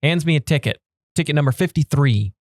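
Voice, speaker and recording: A young man co-hosting a podcast, telling a story in a relaxed, wry way. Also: on the high side, a little fast, no room sound, studio quality. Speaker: podcast co-host. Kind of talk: casual storytelling chat.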